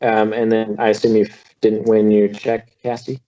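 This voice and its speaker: A man's voice: lowish voice, completely flat delivery, normal speed, mellow, dull audio. A man running a tabletop game as game master, talking casually with many fillers.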